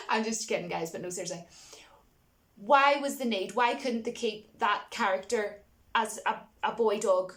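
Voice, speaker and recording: Woman vlogger, fairly high voice, casual rant, exasperated, keeps talking to her viewers. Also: moderate pace. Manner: chatty, exasperated, many asides to viewers. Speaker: vlogger reviewing films. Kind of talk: casual opinion rant to camera.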